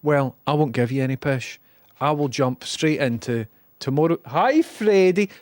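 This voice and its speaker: A man's voice: mid-range voice, fairly even intonation, normal speed, no room sound. Wry man hosting a livestream. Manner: chatty, wry, reading out viewer comments. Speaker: livestream host. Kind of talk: casual live commentary.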